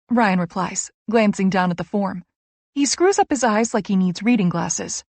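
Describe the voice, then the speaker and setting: A woman narrating a first-person romance audiobook with a lively, wry storytelling manner. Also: lowish voice, normal speed, dry recording.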